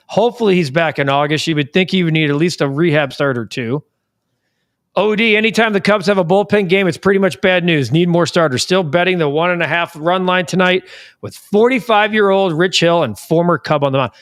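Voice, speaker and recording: A man hosting a casual sports talk show from a studio, ranting in an animated way that jumps between calm and loud. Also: fairly high pitch.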